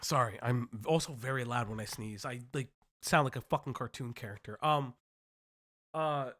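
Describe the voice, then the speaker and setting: A woman's voice: very deep voice, normal speed, fairly bright tone. A woman hosting a commentary stream, talking bluntly and swearing often. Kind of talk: casual commentary.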